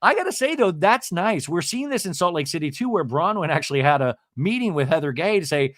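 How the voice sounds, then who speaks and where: A man's voice: on the high side, a little fast, no echo, studio quality. A man hosting a podcast, recapping reality TV in a chatty, gossipy way and acting out quoted lines. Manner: chatty, gossipy, acts out quotes in lively voices. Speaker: podcast host. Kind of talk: casual recap chat.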